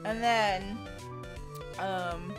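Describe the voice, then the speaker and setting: A woman's voice: medium pitch, fairly even intonation, extremely slow. A young woman hosting a game playthrough, chatting and reading the dialogue aloud. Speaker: let's play host. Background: game music.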